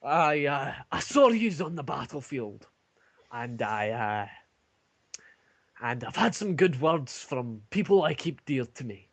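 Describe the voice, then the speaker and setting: A man voicing a stern male dwarf commander who gives booming, drawn-out orders. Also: sing-song, heavily acted. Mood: commanding. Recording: lo-fi online call.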